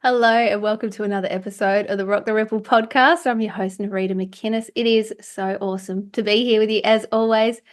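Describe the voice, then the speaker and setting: A woman's voice: mid-range voice, steady tone, brisk, hardly any pauses. A woman hosting a podcast in casual chat, playful and laughing often. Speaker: podcast host.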